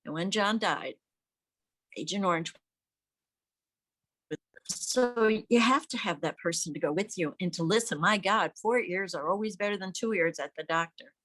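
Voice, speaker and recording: A woman's voice: lowish voice, moderate pace, pauses often. An older woman, a veteran's widow, telling stories emphatically in an interview and acting out the people she quotes. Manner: emphatic, animated, acts out quoted voices. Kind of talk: conversational storytelling. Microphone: remote audio call.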